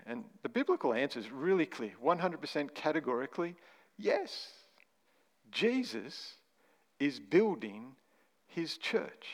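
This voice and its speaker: A man's voice: a little high, big pitch swings, normal speed. A man preaching a sermon, stressing single words and asking rhetorical questions. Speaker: pastor. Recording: long hall reverb.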